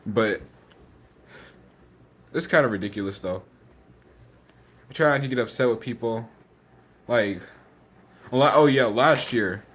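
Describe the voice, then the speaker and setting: A teenage boy ranting in a casual vlog, exasperated and repetitive, rushing his words and sounding slightly out of breath. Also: mid-range voice, fairly bright tone, breathy edge. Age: teens. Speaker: vlogger.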